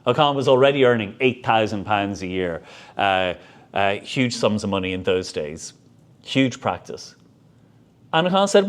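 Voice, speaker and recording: A man giving a public history lecture as a lively storyteller. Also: lowish voice, moderate pace. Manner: animated storyteller.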